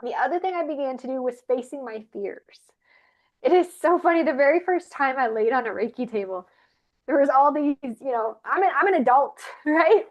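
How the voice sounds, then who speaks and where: A woman who is a regular panelist, sharing a personal spiritual story in an earnest, animated way. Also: high voice, moderate pace. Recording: muffled lo-fi audio.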